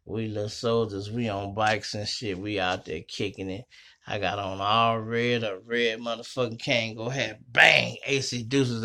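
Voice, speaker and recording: A middle-aged man with a fairly low voice that sounds bright and forceful. He hosts from a small home studio and tells stories in a casual, slangy, cussing style that gets animated. He talks like he is chatting with friends. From Chicago. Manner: profane, slangy, animated retelling. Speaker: host. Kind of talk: casual storytelling monologue.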